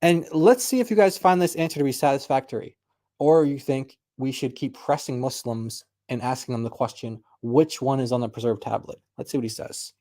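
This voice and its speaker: A man hosting a casual online discussion, chatty and quick to laugh as he reads out clips. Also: mid-range voice, mellow. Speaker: discussion group host.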